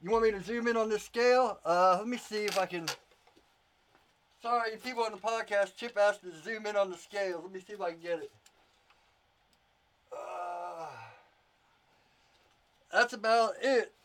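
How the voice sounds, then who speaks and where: A man's voice: sits high, moderate pace, pauses often, a bit bright, a little hiss or hum. A man, a YouTuber and knife maker, chatting casually on a livestream, rambling with repeated words and answering viewer comments.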